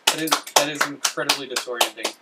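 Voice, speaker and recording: A man's voice: mid-range voice, fast. A man co-hosting a casual chat, self-deprecating and hesitant, laughing a lot. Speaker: co-host. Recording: distant room mic with faint noise.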